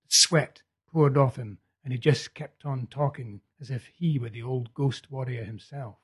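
Husky male audiobook narrator. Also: mid-range voice, unhurried.

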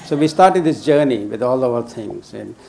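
A man's voice: medium pitch, animated, gravelly, dark tone, a little hiss or hum. Older man telling a story, chuckling. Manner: chuckling, halting with many restarts. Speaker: storyteller guest. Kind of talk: casual anecdote telling.

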